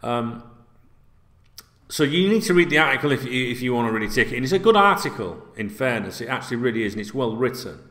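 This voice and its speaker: Football vlog guy rambling to camera, swears a lot, normal pitch, echoey room. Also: expressive, fast, a bit bright. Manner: chatty, swears freely, rambling asides. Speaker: football vlogger. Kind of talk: casual direct-to-camera vlog.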